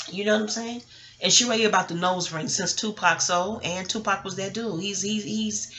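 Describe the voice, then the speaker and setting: A woman's voice: mid-range voice, a bit bright. A woman vlogger talking in a blunt, rambling casual monologue, swearing often and drifting into chatty asides.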